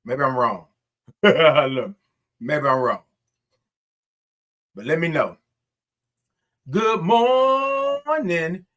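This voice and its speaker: A man's voice: mid-range voice, animated, slow, pauses often, a bit bright. A man hosting a casual morning livestream, greeting viewers by name and stretching out his sung greetings. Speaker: livestream host.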